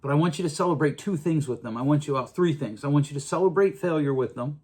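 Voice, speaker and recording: A man's voice: fairly high pitch, fast, darkish tone, breathy edge. A middle-aged man hosting a podcast, talking earnestly in a casual monologue with frequent restarts. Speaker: podcast host.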